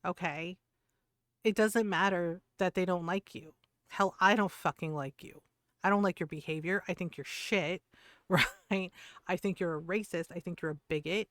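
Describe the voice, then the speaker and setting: A woman's voice: fairly low pitch, moderate pace, fairly bright tone, no room sound. Brief: woman streamer ranting, foul-mouthed and fired up, dry close sound. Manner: profane, heated, laughs between points. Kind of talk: casual ranting chat.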